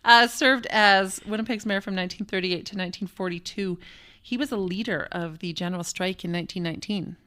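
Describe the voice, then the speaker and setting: A woman's voice: mid-range voice, brisk, fairly bright tone, smooth. Playful woman co-host. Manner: playful, jokey, laughs often. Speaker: podcast co-host. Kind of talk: casual chat.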